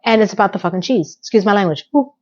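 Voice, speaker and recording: A woman's voice: mid-range voice, fast talker, highs cut off. A woman chatting casually to her viewers as she recaps a TV episode, sassy and direct.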